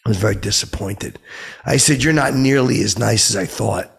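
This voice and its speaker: Gravelly-voiced man telling a clueless tale. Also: moderate pace. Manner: dim, oblivious character voice that pitches up sharply when quoting people. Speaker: comedic podcast host. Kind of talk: rambling deadpan comedic storytelling.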